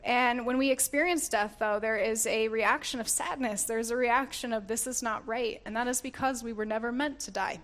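Woman preacher, earnest teaching tone, pitch on the higher side, warm scripture reading. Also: moderate pace, few pauses. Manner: earnest, laughs often, self-correcting restarts. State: getting emotional.

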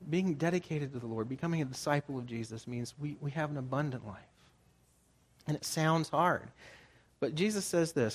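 A man in his forties giving a sermon as a pastor, talking in a conversational way and jumping higher for emphasis. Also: moderate pace, breathy edge. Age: 40s. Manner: conversational, animated, jumps into higher pitch for emphasis.

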